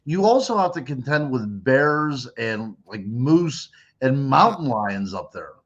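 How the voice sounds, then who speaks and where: A man from Western Pennsylvania talks in a chatty, joking way as a guest on a radio show, tripping over a word now and then. His voice is mid-pitched and comes through a dull, lo-fi call-in line. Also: sing-song, takes it slowly. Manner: chatty, joking, with small restarts. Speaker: guest, cryptid author. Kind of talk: casual radio interview.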